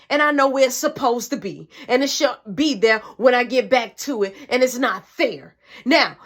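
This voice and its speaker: A woman's voice: fairly high pitch, breathy edge. Woman putting on a furious cursing mother. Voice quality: loud, profane scolding. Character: furious strict middle-aged mother, cursing.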